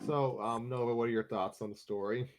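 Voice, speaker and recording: A man's voice: mid-range voice, steady tone, a little fast, a little mellow. A man hosting a casual chat about a story reading, rambling and laughing often. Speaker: host of a story reading show.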